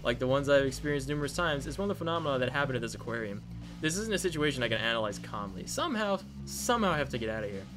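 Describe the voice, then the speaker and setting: A man's voice: mid-range voice, lively intonation, rapid-fire, music in the background. A man reading a visual novel aloud in a dramatic way, slipping in joking asides. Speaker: game narrator.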